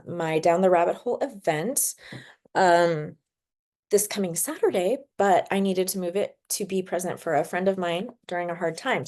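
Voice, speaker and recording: A woman hosting a spiritual podcast, telling stories in a chatty way full of fillers and quick laughs. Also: on the low side, darkish tone. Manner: chatty storyteller, filler-heavy, laughs often. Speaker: podcast host. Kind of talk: casual spiritual podcast monologue.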